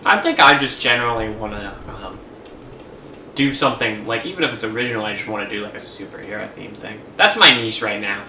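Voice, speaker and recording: Male podcast co-host, rambling and playful, bright voice, roomy far-off mic. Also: lowish voice, a little fast. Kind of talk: casual podcast chat. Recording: roomy, distant mic with faint hiss.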